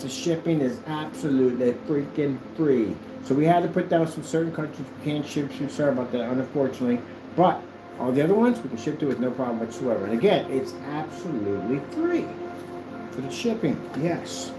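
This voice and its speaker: A man's voice: mid-range voice, animated, fairly quick, music in the background, rough recording. A man presenting a product in a casual demo video, talking in a playful, exaggerated sales manner.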